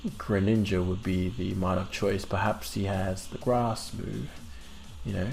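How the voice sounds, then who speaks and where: A man with a low, gravelly voice talks through his own competitive match in a put-on British-sounding accent. His commentary is casual, with swearing and the odd loud burst. Faint music plays underneath. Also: fairly even intonation, slow. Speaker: competitive game streamer. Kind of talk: live game commentary.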